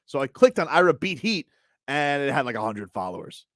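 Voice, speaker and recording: Male sports radio host with a raised, lively voice; riffs and rants in mock outrage, close dry studio mic. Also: on the high side, fast talker, no room sound. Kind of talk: casual sports talk radio banter. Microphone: studio microphone.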